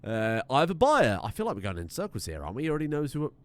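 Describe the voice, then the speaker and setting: A man's voice: mid-range voice, huge pitch swings, very fast. British guy streaming a game at home, jokey and sweary, voice bounces all over. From United Kingdom. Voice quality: joking, sweary banter. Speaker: gaming streamer. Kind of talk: let's play commentary. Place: room at home at a desk.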